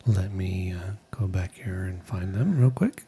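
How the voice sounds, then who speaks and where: Deep gravelly guy cohosting, dry jokey, reads out donations, bit of hum behind. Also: mellow. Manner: dry joking, halting, reads names out. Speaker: co-host reading viewer messages. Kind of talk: live stream chat.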